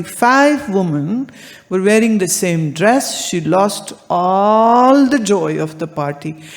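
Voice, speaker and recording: A woman giving a spiritual discourse, deliberate and full of anecdotes and rhetorical questions. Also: medium pitch, darkish tone. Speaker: spiritual teacher.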